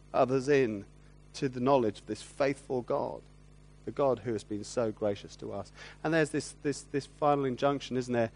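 Earnest man preaching a sermon. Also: medium pitch. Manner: earnest, draws listeners in with tag questions.

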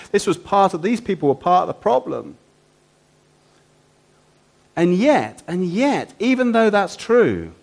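Man preaching, full of rhetorical questions. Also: fairly high pitch. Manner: asks the listeners many rhetorical questions. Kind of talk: sermon.

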